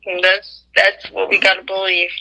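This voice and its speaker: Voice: medium pitch, completely flat delivery, normal speed, creaky, pushed and bright, rough recording. A radio host chatting casually, encouraging and supportive of the guest. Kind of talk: casual radio interview chat.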